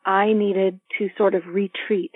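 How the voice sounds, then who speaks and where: A woman hosting a podcast interview, speaking in a measured, reflective way. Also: mid-range voice, flat delivery, dry recording. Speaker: podcast host. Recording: phone-like dry line.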